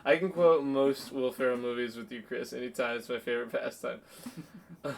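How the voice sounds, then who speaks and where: A young man on a casual podcast, animated and laughing often as he acts out movie lines in loud, excited voices. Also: medium pitch, a little fast, creaky. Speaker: podcast co-host. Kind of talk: casual chat, acting out movie quotes.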